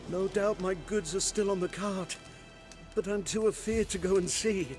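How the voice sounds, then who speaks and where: An actor playing a frightened, pleading middle-aged merchant in a video game, speaking in old-fashioned rustic phrasing. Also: male voice, sits high, fairly even intonation, moderate pace, lightly acted. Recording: game audio with music behind.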